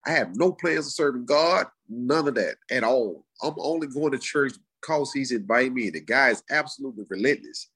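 A middle-aged man tells his story in relaxed, animated conversation. His voice is husky and a little breathy, pitched in an ordinary male range. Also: a little fast, few pauses. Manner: animated, acts out quoted voices in high pitch. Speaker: guest sharing his testimony.

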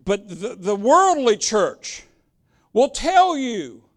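High-voiced emphatic male preacher. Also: sing-song, slow pace, a bit bright. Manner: emphatic, repeats words when searching; plain-spoken, direct. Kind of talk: sermon.

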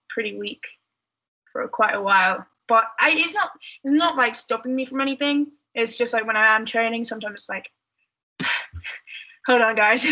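A woman's voice: a little high, sharp tone, rough recording. A woman with an English accent, a podcast guest chatting casually and rambling with lots of fillers. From United Kingdom. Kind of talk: casual chat.

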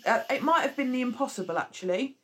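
A woman's voice: high-pitched, lively intonation, quick pace. Chatty woman co-hosting a casual chat. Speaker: podcast co-host.

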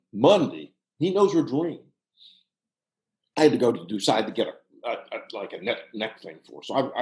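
A man in his sixties from Pittsburgh, telling a long personal story in a casual, halting way with frequent restarts. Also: medium pitch. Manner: animated, halting with restarts, drops to hushed tones. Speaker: guest storyteller, former soccer coach. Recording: roomy echo.

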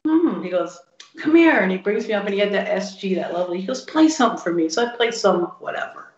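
Fast-talking and animated, with a medium-pitched voice, a female blues guitarist swaps stories in a relaxed interview and impersonates the people she quotes. The audio sounds dull, lo-fi and roomy.

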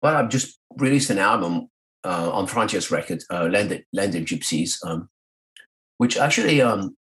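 Guy with a lowish voice telling his showbiz story, animated, does all the voices himself. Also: moderate pace, rough recording. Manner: lively storyteller who acts out quoted voices. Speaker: guest, singer and voice artist.

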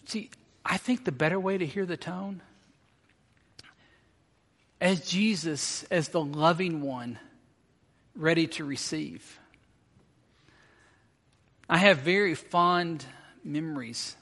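Taking it slowly with long pauses, a middle-aged pastor delivers a sermon in a slightly high, fairly bright voice. He's storytelling, acting out quotes with mounting intensity, and the recording carries the long reverb of a big hall.

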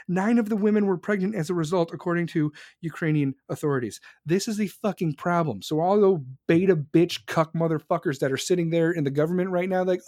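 Heated and emphatic, this young man hosts a podcast and goes on an angry, profane political rant. His pitch is fairly high and his tone darkish, in studio-quality audio with no room sound.

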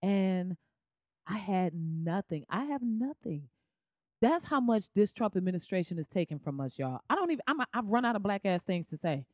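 A woman's voice: medium pitch, moderate pace, no echo, studio quality. A young woman hosting a podcast, ranting casually with slang, jokes and riffs. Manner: animated, slangy, beatboxes and riffs. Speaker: podcast host. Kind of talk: casual comedic rant.

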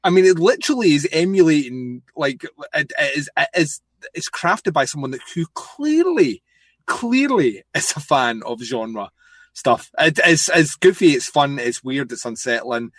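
An enthusiastic man co-hosts a casual movie podcast, his pitch swinging widely as he talks. He swears casually and raves freely. The sound is dry and close. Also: animated, measured pace, a bit bright, dry recording. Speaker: podcast co-host. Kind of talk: casual movie review chat.

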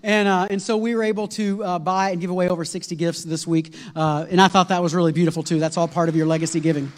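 A man preaching a sermon, telling a long story in an animated, rambling way with many fillers and restarts. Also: sits high, quick pace. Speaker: pastor. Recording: long hall reverb.

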